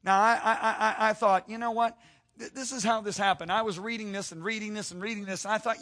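Male pastor, sermon, emphatic, bright tense voice, repeats for stress. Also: sits high, fairly even intonation, fast talker.

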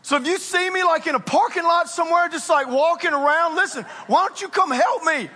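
A pastor in his forties preaching a sermon, telling self-mocking stories in an animated way. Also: very high-pitched, fairly quick. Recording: long reverb of a large church hall.

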